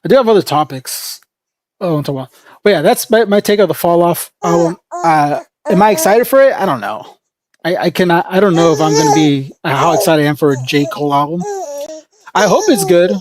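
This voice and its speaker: A woman's voice: on the low side, expressive, fairly quick, darkish tone. A woman livestreaming in casual chat, rambling and opinionated, with lots of fillers.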